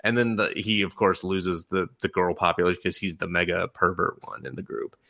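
Bright-voiced man recapping a show. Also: low voice, a little fast. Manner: animated storytelling, acting out characters' lines and laughing. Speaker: podcast host. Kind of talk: casual chat recapping an anime.

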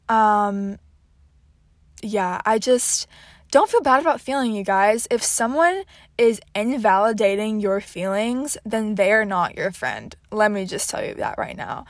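A woman's voice: mid-range voice, no echo, studio quality. A nineteen-year-old woman from Houston hosting her podcast in a casual, scatterbrained chat with lots of fillers. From Houston, Texas. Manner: chatty and scatterbrained, many fillers. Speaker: podcast host.

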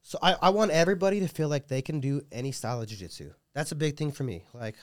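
A man's voice: on the high side, animated, fast talker, no echo, studio quality. A man speaking as a jiu-jitsu coach in a casual podcast interview, rambling and earnest with many restarts. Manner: earnest and heartfelt.

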